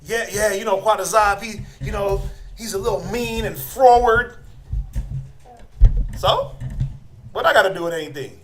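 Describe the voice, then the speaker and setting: A man's voice: sits high, normal speed, long pauses, low-quality recording. A man preaching informally to a group as a religious teacher, blunt and challenging, firing rhetorical questions and chuckling while he scolds.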